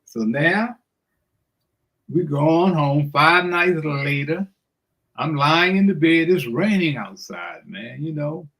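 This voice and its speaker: An older man tells a story with a lot of energy, and his voice sits high for a man. He acts out each part of the conversation, laughs often, and keeps saying "man". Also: expressive, slow, a bit bright, rough recording. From Washington DC area. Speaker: guest storyteller. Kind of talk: animated anecdote on radio.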